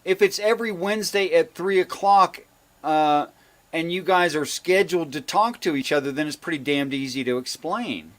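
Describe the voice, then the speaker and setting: A man hosting a casual group chat, telling stories from his own life with lively asides. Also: on the high side, moderate pace. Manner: storytelling, mimics phone beeps. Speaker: podcast host.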